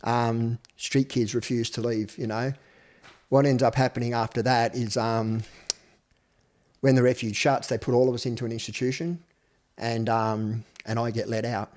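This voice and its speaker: Man, 50s, Australian accent, blunt, swears a lot, middle pitch, first-person storytelling interview. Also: flat delivery, normal speed, darkish tone. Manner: blunt, swears freely, acts out quoted speech. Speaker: podcast guest.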